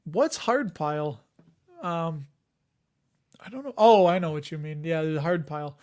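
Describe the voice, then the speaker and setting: High-voiced chatty man in his forties. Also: unhurried, a little mellow. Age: 40s. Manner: chuckles often, trails off and restarts. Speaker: livestream host reading viewer comments. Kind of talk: casual rambling livestream chat.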